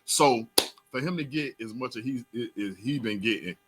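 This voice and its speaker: A young man with a South Florida accent hosting a talk show, hyped and loud, jumping between shouting and mumbling. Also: medium pitch, moderate pace, slight background noise. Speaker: host.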